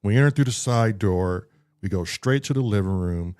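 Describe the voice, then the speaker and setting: A man's voice: lowish voice, moderate pace, clear, resonant tone. A man casually telling a story on a talk show, acting out what people said and swearing freely. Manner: animated, acts out voices in his story. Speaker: podcast co-host telling a story.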